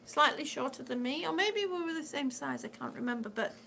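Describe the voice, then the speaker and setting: A woman's voice: high voice, animated, brisk, vocal fry, bright, forceful tone, a little hiss or hum. A middle-aged woman chatting casually on her live stream, rambling and answering viewers' comments as she goes. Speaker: vlogger living with lung disease.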